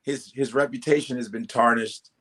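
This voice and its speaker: A male comedian telling stories as a guest in a casual interview, animated and profane, acting out quoted voices. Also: mid-range voice, normal speed.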